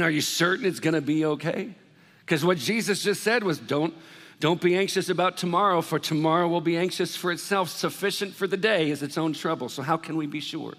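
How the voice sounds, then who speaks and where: A high-voiced man preaches to his congregation, chatty and animated, now and then slipping into worried voices. His voice rings through the long reverb of a big church hall. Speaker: pastor. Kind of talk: sermon.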